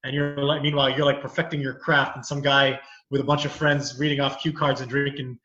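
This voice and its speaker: A man's voice: mid-range voice, little pitch movement, a little fast, pushed and bright, reverberant, lo-fi sound. A man, a comedian and lawyer, chatting casually, rambling through stories with many filler phrases. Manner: rambling storytelling, many "you know"s. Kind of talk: casual chat.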